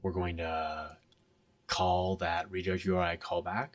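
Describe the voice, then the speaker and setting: Man, conference talk, very low voice, dry distant sound, explanatory. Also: level tone, unhurried, no echo. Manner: explanatory, conversational, checks in with "right?". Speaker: conference speaker.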